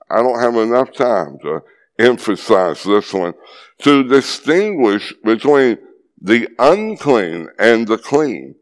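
Slow, lively-voiced male preacher. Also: lowish voice. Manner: earnest, teacherly, asks the audience questions. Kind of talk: sermon.

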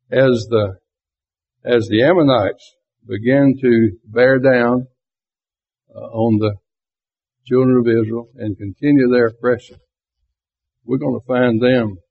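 A man's voice: mid-range voice, gravelly, slightly rough. A man teaching a Bible class in a conversational way, asking his listeners rhetorical questions. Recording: tinny phone-like lo-fi recording.

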